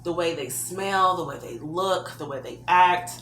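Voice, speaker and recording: A woman's voice: on the low side, measured pace, a bit bright, reverberant, a little hiss or hum. A woman giving earnest, heartfelt advice from her own experience in a personal vlog. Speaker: vlogger.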